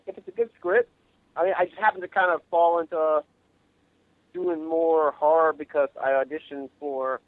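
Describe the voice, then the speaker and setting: A man from Long Island, New York calls in to a radio interview as a guest filmmaker, his voice thin and tinny down a phone line. His talk is modest and rambling, full of halting restarts. The sound is dry and close. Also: medium pitch, dry recording. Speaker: guest, actor and director.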